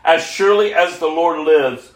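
An old king issuing solemn commands, as a man reads him in his own fairly high voice. The delivery stays plain and earnest, in a room full of echo. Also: moderate pace, natural voice. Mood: commanding. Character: King David, aged commanding male king. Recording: echoey room.

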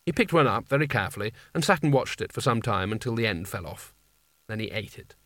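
A man doing scripted audiobook narration in a measured, wry storytelling manner. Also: on the low side, lively intonation, fairly bright tone, no room sound.

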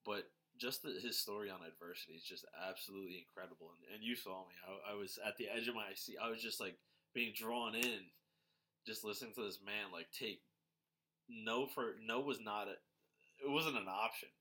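A man with a bright, forward voice, talking casually as a podcast co-host. He speaks in halting bursts full of restarts, and he sits a little low in pitch for a man. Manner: halting, restarts often, animated when quoting. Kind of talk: casual conversation.

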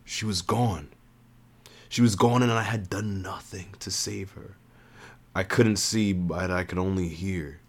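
A man reads a first-person adventure story aloud in an earnest tone. His voice sits on the low side, and he often restarts and repeats lines as he goes. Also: steady tone, unhurried. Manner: earnest, with frequent restarts and rereads.

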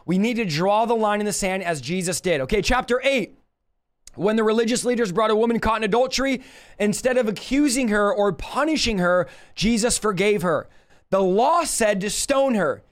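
A male preacher with a notably high voice teaches through scripture on a livestream. He talks emphatically and directly, stressing his points and calling out to the people watching. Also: animated, moderate pace. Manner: emphatic, preachy, calls on viewers.

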